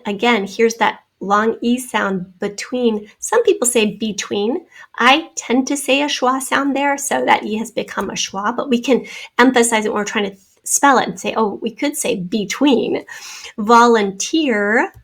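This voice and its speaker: Patient woman teaching spelling, slightly high. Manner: clear, patient, sounding words out slowly. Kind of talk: spelling lesson over screen drawing.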